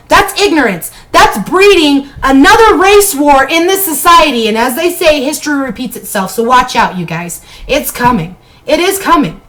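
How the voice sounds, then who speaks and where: Heated high-voiced woman ranting. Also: a bit bright, rough recording. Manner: blunt and heated, heavy swearing. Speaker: live-stream vlogger. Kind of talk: unscripted live-stream rant. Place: bedroom.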